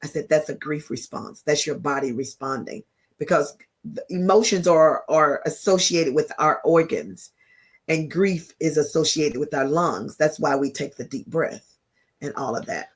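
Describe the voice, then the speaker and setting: A woman guest, a grief counselor, calmly explaining grief in conversation. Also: deep voice, normal speed, slightly rough. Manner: calm, affirming, explains with a teacher's patience.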